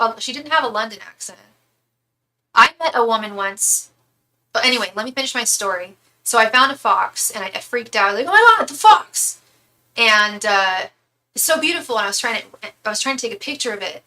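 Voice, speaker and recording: A woman's voice: fairly high pitch, brisk, bright, forceful tone. A young woman reading tarot on a live stream, rambling and chatty, full of fillers as she tells stories. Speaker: tarot reader and psychic medium. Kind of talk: casual live-stream chat.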